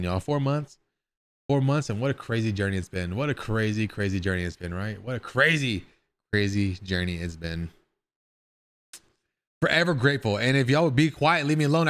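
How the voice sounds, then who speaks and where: A man streaming live, chatting casually with his viewers in a rambling way and swearing now and then. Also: on the low side.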